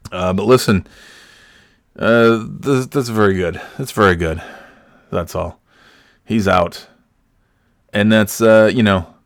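A man's voice: fairly low pitch, clean tone, no room sound, clean studio sound. A man hosting a casual solo podcast, talking in a sarcastic, profane way and often breaking into laughter. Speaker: podcast host.

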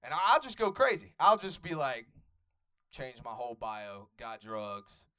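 Profane Atlanta stand-up comic. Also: male voice, medium pitch, big pitch swings, a little slow, pushed and bright, smooth. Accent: Atlanta Southern US. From Atlanta, USA. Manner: loose, profane, riffs with the audience. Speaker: stand-up comedian. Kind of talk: stand-up crowd work. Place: comedy club stage.

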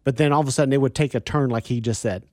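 A man hosting a call-in radio show, chatting in a relaxed, easygoing way and chuckling now and then. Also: mid-range voice, very fast, no echo, studio quality. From Kansas. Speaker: radio host. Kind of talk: casual radio chat. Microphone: studio mic.

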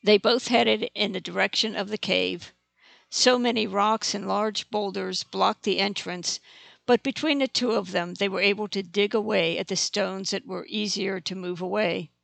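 Audiobook narrator, steady plain reading, gravelly texture, dry close sound. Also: mid-range voice, normal speed, no echo. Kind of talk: scripted narration.

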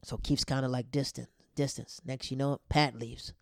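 A man telling a casual, animated story in slangy talk, laughing often as he goes. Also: medium pitch, normal speed, gravelly, dry recording, studio quality.

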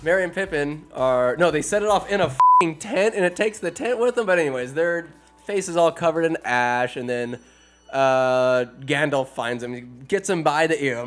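A man's voice: a little high, moderate pace, fairly bright tone. A man retelling a movie in a loose, crude, joking way, as a comedic host.

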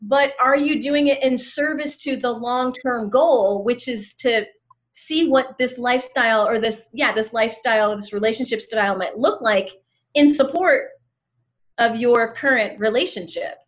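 High-voiced woman giving relationship advice over a muffled line. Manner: brisk, advising, acts out example dialogue. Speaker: guest, relationship advisor. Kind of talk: advice in casual chat.

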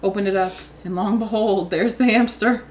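Young woman chatting with a friend, giggly rambling storyteller, mid pitch, faint noise behind. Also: steady tone, a little fast, a little mellow. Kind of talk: casual storytelling chat.

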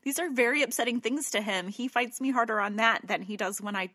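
A woman's voice: a little high, fairly quick, pushed and bright, husky, dry recording, studio quality. A woman in casual conversation, telling a long anecdote in a chatty way with some swearing. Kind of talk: casual chat.

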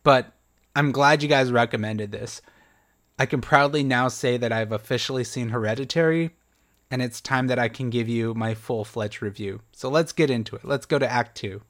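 A man's voice: medium pitch, moderate pace, a bit bright. A young man hosting a solo podcast, reviewing a horror film in a casual, chatty, self-deprecating way with light laughs.

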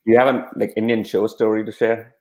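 A man's voice: lowish voice, flat delivery, a little fast, a little mellow. A man hosting a casual podcast chat, asking questions and laughing often.

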